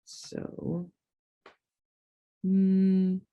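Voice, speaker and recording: Slow-speaking woman teaching a language. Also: medium pitch, completely flat delivery, warm tone. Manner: slow drawn-out word repetitions for learners; chatty asides with self-teasing. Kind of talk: casual online language lesson.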